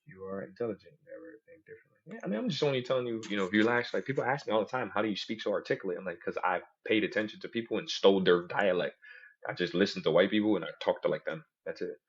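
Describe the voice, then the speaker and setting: A man talks through a casual podcast in a low, husky voice. He tells his stories with energy and drops into other people's voices whenever he quotes them. The recording sounds dull and lo-fi. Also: racing. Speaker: podcast host. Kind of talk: casual chat.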